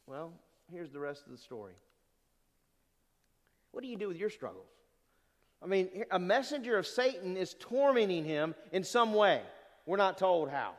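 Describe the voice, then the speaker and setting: Male pastor, high and animated delivery, sermon in a church with long reverb. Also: normal speed, pauses often. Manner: animated preaching, rhetorical questions to the congregation.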